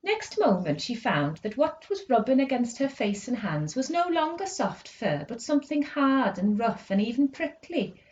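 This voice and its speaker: Brief: woman, bright storybook reading, voice rising and falling, muffled lo-fi sound. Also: fairly high pitch, very animated, moderate pace, few pauses. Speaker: school reader. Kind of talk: reading a children's book aloud. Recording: dull lo-fi recording.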